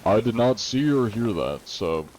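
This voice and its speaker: A young man streaming a game at home, answering chat in an easygoing, rambling way with lots of fillers. His voice sits on the low side, and a faint hiss hangs under it. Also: sing-song, a little slow, a little mellow, low-quality recording. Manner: laid-back, rambling with fillers. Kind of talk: casual live-stream chat, reading chat questions.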